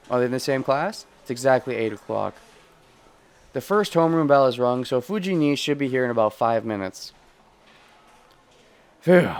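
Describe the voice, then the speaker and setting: A man's voice: mid-range voice, a little mellow, clear, resonant tone. A man streaming a game, chatting in a rambling, self-correcting way and reading story text aloud. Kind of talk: casual let's play commentary.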